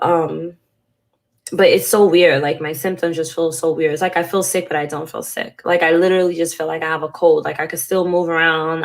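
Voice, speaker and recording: A congested woman in her thirties talking frankly and casually to her viewers in a personal vlog, swearing now and then. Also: low-pitched. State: congested from a cold. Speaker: vlogger.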